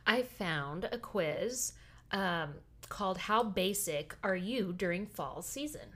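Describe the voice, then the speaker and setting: A woman with a Midwestern American accent co-hosts a casual podcast. She sounds easygoing and agreeable and often answers with short replies. Her voice has an ordinary middle pitch. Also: lively intonation, takes it slowly, a bit bright. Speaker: podcast co-host.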